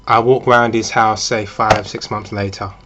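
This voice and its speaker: A man's voice: lowish voice, little pitch movement, moderate pace, lo-fi sound, background noise. Man talking through hypotheticals. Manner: conversational, with frequent fillers and restarts. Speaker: vlogger. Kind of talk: casual monologue with hypothetical scenarios.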